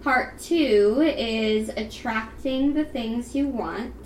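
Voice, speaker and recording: Young female podcast co-host, chatty and rambling, mid pitch, echoey room with faint hiss. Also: slow, a little mellow. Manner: chatty, rambling, lots of "like" and laughs. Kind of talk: casual chat. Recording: roomy sound, faint background noise.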